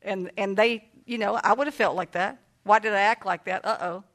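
A woman's voice: medium pitch, steady tone, moderate pace. An older woman, a grandmother and counselor, telling a family story in a chatty way, laughing often and acting out what people said. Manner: warm, chatty, laughs often and acts out quoted voices. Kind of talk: casual storytelling talk.

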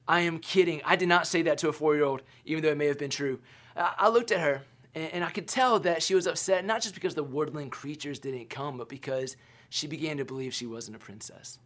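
A man in his thirties preaching a sermon as pastor, telling stories conversationally with stammered restarts and quiet, softened key lines. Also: a little high, steady tone, brisk. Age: 30s.

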